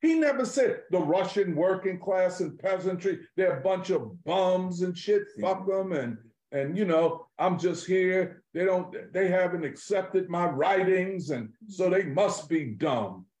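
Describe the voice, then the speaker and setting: A man speaks in a high voice about politics, animated and emphatic. His speech is loose, full of slang and swearing. The sound is roomy, with a lot of echo. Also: a little slow, few pauses. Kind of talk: political conversation.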